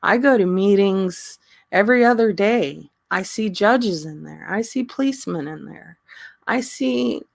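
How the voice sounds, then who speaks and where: Slow-talking woman chatting on a livestream. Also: medium pitch, creaky, no room sound. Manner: slow, halting talk with frequent ums and laughter. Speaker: livestream host. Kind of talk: casual livestream chat.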